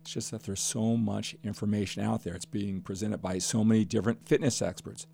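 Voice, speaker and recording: A man's voice: on the low side, fairly even intonation, fairly quick, gravelly, warm tone. An older man hosting a fitness podcast, talking passionately and emphatically and stacking up repeated phrases. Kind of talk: podcast monologue.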